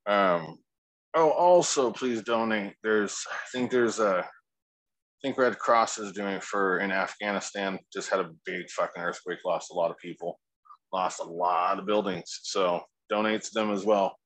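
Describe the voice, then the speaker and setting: A man's voice: deep voice, unhurried, a bit bright, no room sound, poor audio. A man co-hosting a casual podcast, laid-back and rambling, swearing freely. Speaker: podcast co-host.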